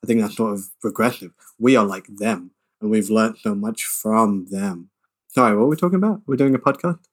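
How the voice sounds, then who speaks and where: A man's voice: on the low side, a little fast. Rambling, enthusiastic male podcast co-host. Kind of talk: casual chat.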